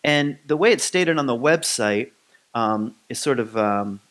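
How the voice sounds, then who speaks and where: A man from Michigan giving a conversational sermon to his spiritual community, relaxed and rambling with many ums and restarts. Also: medium pitch, unhurried, a little hiss or hum. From Grand Rapids, Michigan.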